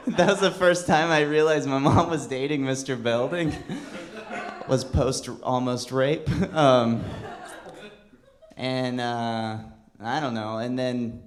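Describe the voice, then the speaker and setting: A male stand-up comedian telling a rambling story on a club stage, full of restarts and fillers. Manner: rambling, halting delivery with bursts into a high wailing child voice.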